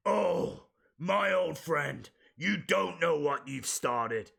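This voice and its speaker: A man doing an impression of a brooding male wrestler, delivering a taunt slowly, loudly and theatrically. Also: on the high side, lively intonation, gravelly, breathy edge, heavily acted. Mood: menacing. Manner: slow, loud, theatrical delivery.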